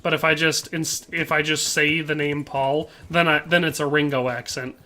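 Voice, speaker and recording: A man with a bright, forceful, slightly high voice chats his way through a game livestream. He reads out viewer comments and answers each one, slipping in playful jokes as he goes. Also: little pitch movement, normal speed. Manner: playful, joking asides. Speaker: game streamer. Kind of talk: casual livestream commentary while playing.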